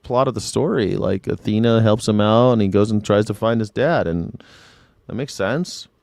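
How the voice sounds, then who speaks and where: A man's voice: fairly low pitch, moderate pace, gravelly, a little mellow, no echo. Profane, sarcastic man ranting, dry sound. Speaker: livestream host. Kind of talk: casual livestream commentary.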